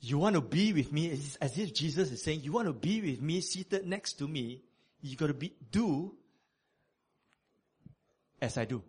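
A man preaching a sermon, conversational and animated, with many fillers. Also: a little high, moderate pace, long pauses, breathy edge.

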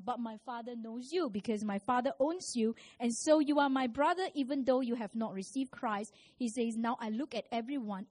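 Woman preaching a sermon. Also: a little high. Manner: storytelling, rising to loud emphatic preaching.

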